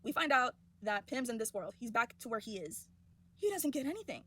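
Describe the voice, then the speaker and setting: A young woman talks fast and heatedly in a casual rant vlog. Her voice is high and bright. She gets worked up as she goes. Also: breathy edge. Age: young adult. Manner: animated, indignant ranting. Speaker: college student.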